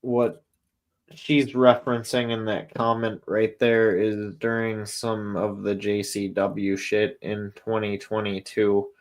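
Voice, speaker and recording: A man's voice: fairly low pitch, little pitch movement, takes it slowly. A man co-hosting a casual podcast, telling festival stories in a rambling way full of fillers and swearing. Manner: rambling, profane, many fillers. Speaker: podcast co-host. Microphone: podcast mic.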